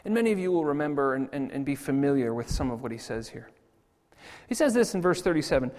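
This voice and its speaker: A man preaching a sermon in a church, lively and quick to laugh at his own jokes. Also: mid-range voice. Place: church sanctuary. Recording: long church hall reverb.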